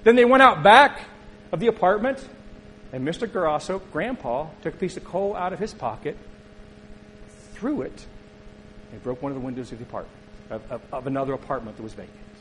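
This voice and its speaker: A man's voice: on the high side, very animated, a little fast, long pauses, fairly bright tone, a little hiss or hum, rough recording. A middle-aged man preaching a sermon as a pastor, telling a story in a conversational way and turning to ask the congregation questions.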